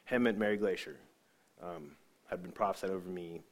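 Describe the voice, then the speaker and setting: A man giving an emotional personal testimony about his faith, earnest and halting, often repeating words as he searches for them. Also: low voice. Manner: earnest, halting, repeats himself when moved. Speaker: speaker sharing a faith testimony.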